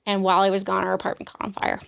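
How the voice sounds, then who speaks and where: A woman's voice: medium pitch, completely flat delivery, very fast, gravelly, fairly bright tone, smooth. Woman, young adult, podcast guest, emotional testimony, acts out voices, says "like" often. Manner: emotional storytelling, acts out quoted voices, frequent "like". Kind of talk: personal testimony in an interview.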